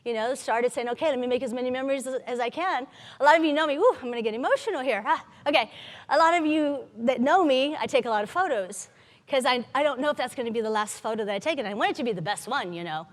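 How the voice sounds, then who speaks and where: A woman telling her own story to a live audience, lively, humorous and candid. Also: high voice, fast talker, in a large hall. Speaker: patient advocate speaker. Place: large conference hall.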